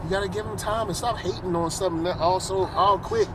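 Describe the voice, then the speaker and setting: A man hosting a casual chat in a car, animated and quick to defend his point. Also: high voice, over a noisy crowd. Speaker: podcast host. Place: inside a car. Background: faint car and road noise.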